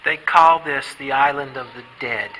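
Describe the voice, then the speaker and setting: A man working as a paranormal investigator, coaxing unseen spirits with gentle, pleading, repetitive talk inside a derelict island building. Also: medium pitch, moderate pace, a little hiss or hum, poor audio. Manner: gentle, pleading, repeats himself.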